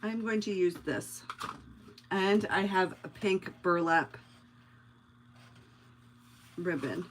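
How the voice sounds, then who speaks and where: A woman's voice: fairly low pitch, takes it slowly, pauses often, a little hiss or hum, low-quality recording. A middle-aged woman hosting a craft livestream, chatting casually and telling rambling stories to her viewers while she works. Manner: chatty, rambling storyteller, talks to viewers by name.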